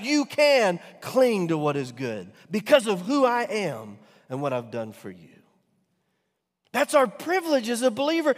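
A male pastor preaching a sermon. He swings from loud, emphatic peaks to soft, near-whispered lines and asks the congregation rhetorical questions. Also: high-pitched. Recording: long hall reverb.

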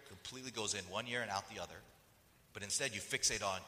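A man's voice: mid-range voice, quick pace, in a large hall. A man preaching a conversational sermon as pastor, telling stories and acting out the voices of the people in them. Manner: animated storytelling that acts out quoted voices.

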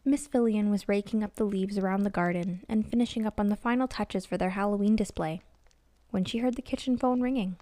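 A woman narrates a dark story with calm, measured pacing. Her voice is mellow and warm. The recording is close and dry. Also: mid-range voice, no echo. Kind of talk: scripted horror narration.

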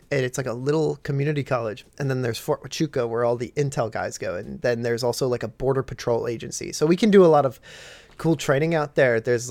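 Gravelly young man telling crude stories. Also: medium pitch, no echo. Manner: crude, animated storyteller acting out quotes. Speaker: podcast host. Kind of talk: casual storytelling chat.

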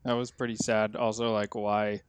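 A man's voice: on the low side, flat delivery, moderate pace, smooth. A man co-hosting a podcast, telling a sports story in casual chat and acting out the people he quotes. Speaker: podcast co-host.

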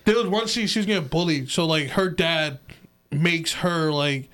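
Higher-voiced man recapping a show. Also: moderate pace, a bit bright. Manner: rambling, repeats words, quotes characters. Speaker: podcast co-host. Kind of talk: casual chat.

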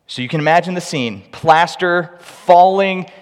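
A man preaching a sermon with humorous, animated storytelling, recorded in a large hall with long reverb. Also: high voice, unhurried. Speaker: pastor.

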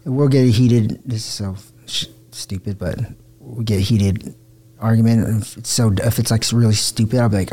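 A man's voice: on the low side, steady tone, normal speed, dark tone. A man who is a guest on a podcast, chatting in a laid-back, easygoing way. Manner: laid-back and easygoing, says "stoked" and "sweet". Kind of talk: casual podcast chat.

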